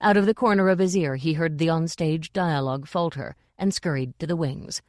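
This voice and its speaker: Low-voiced woman narrating an audiobook. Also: moderate pace, a little mellow, dry recording, studio quality. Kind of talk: scripted narration.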